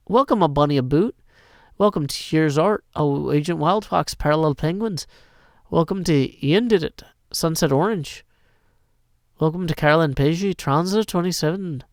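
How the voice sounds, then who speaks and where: A livestreaming gamer from Tennessee greets viewers in casual chat with a Southern twang, slow and playful, drifting into sing-song rhyming verse. His man's voice is a little high, with no echo.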